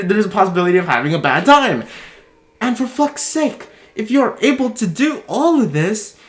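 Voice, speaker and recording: A man talking in a casual commentary vlog, heated and swearing, his voice jumping high when he is worked up. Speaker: video commentator.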